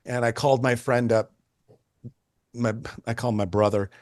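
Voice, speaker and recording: A man's voice: mid-range voice, moderate pace, dry recording. Chatty man in his sixties, dry sound. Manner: animated, chatty, frequent restarts and swearing. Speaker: photographer guest. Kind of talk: casual interview storytelling.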